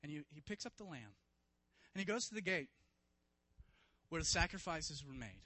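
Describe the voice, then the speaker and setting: A man preaching a sermon, retelling a story vividly and swinging from hushed to loud, emphatic passages. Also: on the high side, very animated, moderate pace, long pauses, no room sound, low-quality recording. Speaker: pastor.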